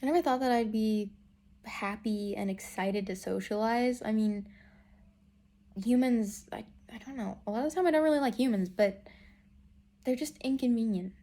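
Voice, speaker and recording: A woman's voice: fairly high pitch, normal speed, mellow. A young woman vlogging casually from a hotel room, chatty and self-mocking, with many fillers. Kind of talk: casual vlog chat.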